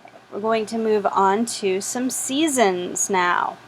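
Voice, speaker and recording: A woman's voice: medium pitch, a little slow, slight background noise, poor audio. A woman teaching a French lesson, patiently repeating each word for practice. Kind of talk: slow spoken language lesson.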